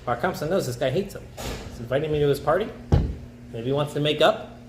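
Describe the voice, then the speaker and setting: Over music, a man with a slightly high voice and lively intonation speaks briskly. He's a rabbi turning a story into a relaxed, chatty lesson full of slang and repeated "okay?", recorded in an echoey room with faint background noise.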